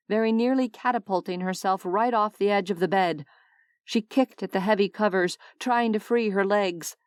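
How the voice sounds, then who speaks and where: A woman reading a novel aloud as an audiobook narrator, steady and expressive. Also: mid-range voice, clear, resonant tone, dry recording, clean studio sound. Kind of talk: scripted narration.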